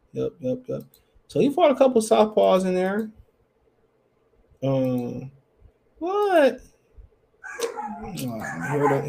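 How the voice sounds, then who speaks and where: Gravelly, dark-voiced man chatting boxing. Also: a little high. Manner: loose, slangy, thinks aloud. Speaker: podcast host. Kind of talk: casual solo boxing talk.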